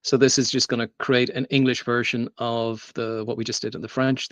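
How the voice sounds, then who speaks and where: A man's voice: medium pitch, little pitch movement, fairly quick, a bit bright, no echo. A man giving a live tech demo at a meetup, talking casually with frequent fillers and restarts. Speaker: meetup presenter. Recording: dry, dull lo-fi sound.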